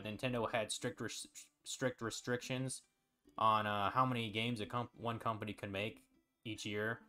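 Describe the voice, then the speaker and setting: Low-voiced man chatting casually on stream. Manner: rambling, relaxed, swears casually, many fillers. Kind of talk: casual chat.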